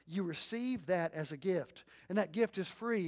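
High-voiced animated male preacher. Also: normal speed. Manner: animated storytelling, acts out scenes, sudden loud bursts; leads congregation in responsive reading. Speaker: pastor. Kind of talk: sermon.

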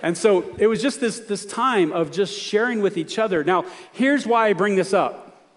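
A man's voice: high voice, normal speed, big-room sound. A man preaching a sermon, telling a story and asking the congregation earnest, emphatic questions. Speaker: pastor.

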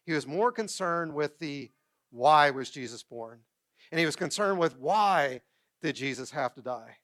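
A middle-aged pastor preaching from a church stage, his somewhat high voice rising and falling as he tells stories. He acts out quotes and puts questions to the congregation in a lively, conversational way. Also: unhurried. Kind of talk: sermon.

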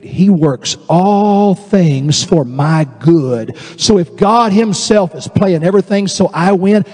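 A man with a Southern US accent preaching a sermon as a pastor, acting out voices and dropping into slow, emphatic lines. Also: sits high, dark tone, slightly rough. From American South. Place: church sanctuary. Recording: long reverb in a large church hall.

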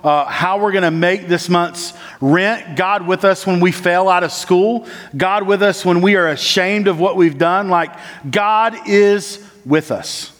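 A man preaching a sermon with frequent "uh" and "like" fillers, who moves between raised, urgent lines and low, slow, quiet ones. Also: steady tone. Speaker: church planting resident preaching. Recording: long church-hall reverb.

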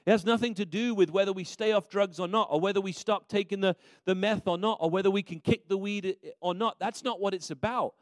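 A man's voice: high voice, a little fast, hardly any pauses, no room sound. A man preaching a sermon as a minister, telling a story in a conversational way with frequent restarts.

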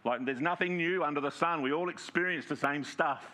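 A man's voice: on the high side, bright, forceful tone, a little hiss or hum. Man preaching a conversational sermon. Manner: conversational preaching with rhetorical checks like "right?"; reads scripture aloud with slow emphasis. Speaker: pastor.

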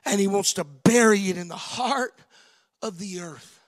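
A man preaching a sermon, swinging from shouted peaks down to hushed, near-whispered lines. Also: high voice, unhurried, long reverb tail. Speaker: pastor.

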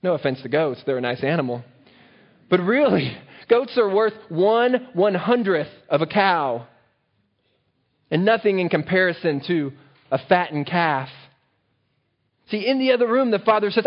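A man's voice: high-pitched, expressive, normal speed, pauses often. A man preaching a sermon and often asking his listeners questions, recorded on a dull, lo-fi track. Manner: engaging, asks the listeners rhetorical questions. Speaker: pastor.

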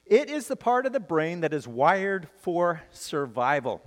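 A man preaching a sermon as pastor, lively and joking, with wide swings in pitch. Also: unhurried, long reverb tail.

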